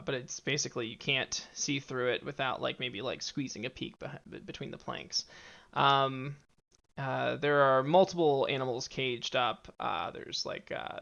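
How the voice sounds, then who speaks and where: A man running a tabletop game as game master, talking in a halting way with many fillers and restarts and frequent laughter. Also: mid-range voice, vocal fry, bright, forceful tone. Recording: dull lo-fi audio.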